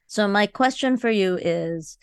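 A woman's voice: medium pitch, unhurried, smooth, no echo, clean studio sound. A woman co-hosting a podcast in casual chat, telling a rambling story in an agreeable, chatty way. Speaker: podcast co-host.

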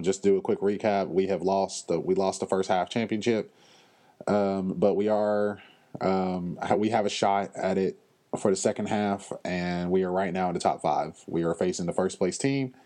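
A man hosting a podcast, telling stories in a casual, animated and blunt way, with lots of fillers and slang. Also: low voice. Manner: frequent fillers and pauses. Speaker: podcast host. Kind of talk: casual chat.

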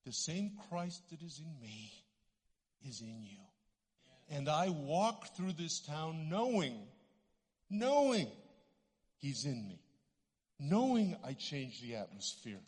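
A Canadian man preaching to a congregation, his fairly high voice rising and falling with lively swings as he tells stories and acts out the voices. He sounds middle-aged, and a long reverb from the church hall trails every phrase. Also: slow pace, long pauses, slightly rough. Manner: animated storytelling, acts out voices. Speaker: guest preacher. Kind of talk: sermon with stories. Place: church sanctuary.

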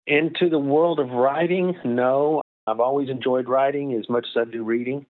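A man's voice: mid-range voice, steady tone, moderate pace. Older man on a tinny phone line. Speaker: guest author. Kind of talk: interview answers.

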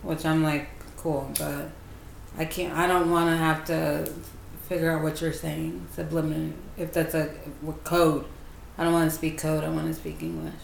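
A woman with a low, gravelly voice speaks in a flat, dry, matter-of-fact way in a casual group chat. The room is echoey and has a faint hiss. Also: normal speed.

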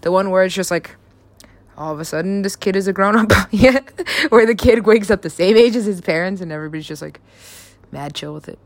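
The speaker, a young woman writer, talks loosely about stories she's written, laughing a lot and cursing freely. Her medium-pitched voice moves fairly quickly, and there's no room sound.

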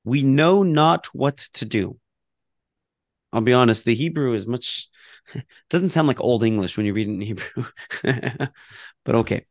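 A man with a gravelly, fry-edged voice teaches a relaxed lesson on prayer. He reads passages aloud, then breaks off into chatty asides and the odd laugh. The sound is dry and close. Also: medium pitch, a little slow, long pauses, no room sound. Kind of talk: casual religious lesson.

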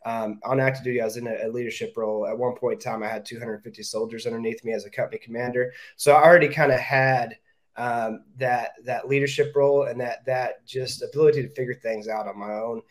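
A real estate agent appears as a podcast guest, speaking directly and fast in a casual interview style. He has a mid-range voice with fairly even intonation and often repeats words as he thinks out loud.

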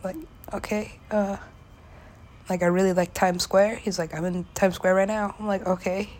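This vlogger is a young woman whose mid-range voice is steady, slightly mellow, and paced at a normal speed. Her casual monologue wanders, full of "like" fillers, curse words, and frequent laughter, with occasional whispered stretches.

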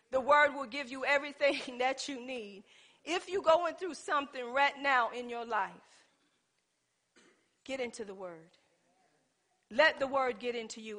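A woman preaching a sermon, talking with the congregation and swinging from loud exhortation to soft asides. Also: fairly high pitch. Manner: conversational, calls out to the congregation.

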